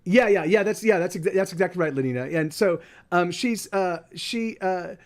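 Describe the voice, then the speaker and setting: A man hosts a livestream in casual chat, his voice sitting high at a normal speed. He rambles with lots of restarts and repeated words, slipping into soft baby talk to his dog.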